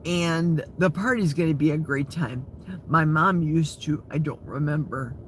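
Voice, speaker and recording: A man's voice: a little high, unhurried, a bit bright, slight background noise. A man in his sixties from Wisconsin, hosting a live chat and reading viewer comments aloud. He talks straight to his viewers and laughs often. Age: 60s. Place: outdoors in a forest.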